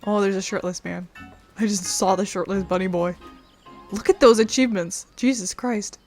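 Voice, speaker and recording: A woman's voice: mid-range voice, fairly even intonation, moderate pace, a little mellow, faint music behind. A woman making casual, self-deprecating asides while voicing a game's characters. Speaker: gaming streamer voicing game characters. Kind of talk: casual gameplay commentary.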